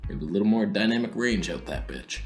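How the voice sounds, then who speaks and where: Sarcastic, animated male camera reviewer. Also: fairly low pitch, brisk, faint music behind. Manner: sarcastic, swings between whispers and outbursts. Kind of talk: comedic camera review monologue.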